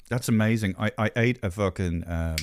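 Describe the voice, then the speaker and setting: A man's voice: fairly low pitch, slight background noise. A middle-aged Irish man hosting a podcast, chatting casually in a profane, jokey, rambling way. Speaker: podcast host. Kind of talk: casual chat.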